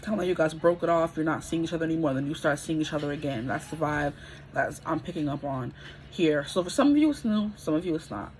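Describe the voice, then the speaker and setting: A woman's voice: sits low, lively intonation, fast talker, darkish tone, slight background noise, rough recording. A woman in her twenties giving a casual pick-a-card tarot reading, chatty and rambling, often checking in with her listeners. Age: 20s.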